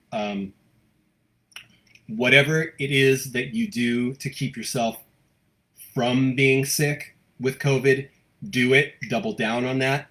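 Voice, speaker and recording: An American man who hosts a local live show, talking fast and cheerfully as he reads out viewer comments. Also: mid-range voice, a bit bright. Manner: fast-talking, upbeat, gushing. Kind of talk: casual live-stream chat, reading viewer comments.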